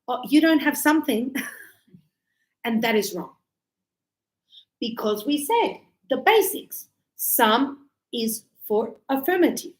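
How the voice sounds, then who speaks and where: Woman, Australian accent, middle-aged, English teacher, animated, roomy echo. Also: sits high. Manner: lively, explains with acted examples. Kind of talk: live grammar lesson. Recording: echoey room.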